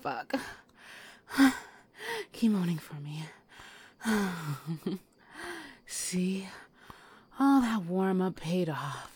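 Slow breathy lady doing a commanding whispered role-play, kinda low voice. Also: expressive, a little mellow. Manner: teasing, commanding, breathy whispers between moans. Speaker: audio role-play performer.

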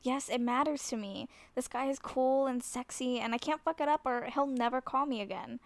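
Flustered, giggly woman, fairly high voice. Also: moderate pace, no room sound. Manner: flustered, self-conscious, laughs often. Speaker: nervous woman talking to a friend on the phone. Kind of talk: scripted audio role-play to the listener.

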